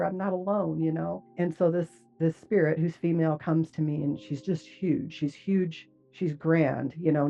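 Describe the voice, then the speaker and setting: Middle-aged woman, low voice with a gravelly edge, earnest personal testimony full of casual fillers; dull lo-fi audio, faint music underneath. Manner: earnest, reflective, many "like" and "you know" fillers. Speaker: guest recounting a near-death experience.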